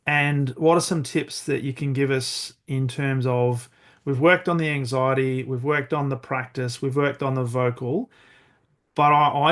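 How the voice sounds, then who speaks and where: A man hosting a podcast interview, responding thoughtfully and asking long questions with frequent restarts. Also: mid-range voice. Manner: thoughtful, supportive, restarts often. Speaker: podcast host.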